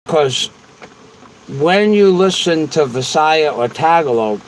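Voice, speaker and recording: Slow-talking, rambling man on a livestream. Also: on the high side, lively intonation, slight background noise, low-quality recording. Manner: rambling and repetitive. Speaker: livestream host. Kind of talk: casual livestream chat, answering viewers.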